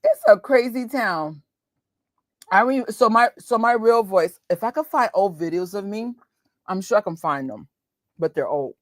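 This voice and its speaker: A woman's voice: medium pitch, lively intonation, normal speed, no echo, studio quality. A woman with a New York accent, chatting casually and laughing with viewers as host of a movie watch party. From New York, USA. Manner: chatty, laughing, quotes voices. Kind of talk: casual chat with live viewers.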